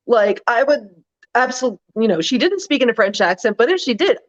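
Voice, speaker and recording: A woman's voice: fairly high pitch, very animated, a little fast. Chatty woman with muffled lo-fi sound. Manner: chatty, lots of "like", mimics others in put-on voices. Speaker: co-host. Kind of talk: casual political chat. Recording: muffled lo-fi audio.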